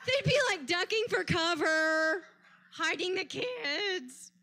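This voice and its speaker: A woman's voice: very high voice, animated, takes it slowly, pushed and bright. A woman hosting a live stand-up show, teasing the crowd with playful banter before bringing up the next comic. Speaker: comedy show host. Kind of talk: stand-up comedy emcee. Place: live comedy stage.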